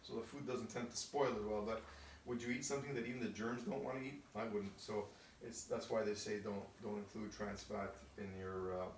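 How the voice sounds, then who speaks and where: A man's voice: fairly low pitch, fairly even intonation, fairly quick, a little hiss or hum. A male chemistry teacher giving a casual recorded lesson. He explains step by step and often checks in with "okay?". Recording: echoey room, voice from a distance.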